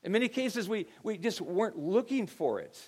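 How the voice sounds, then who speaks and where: Conversational middle-aged male pastor, higher voice. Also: very animated, moderate pace, darkish tone, husky. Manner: conversational storytelling, frequent repeated words. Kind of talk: sermon.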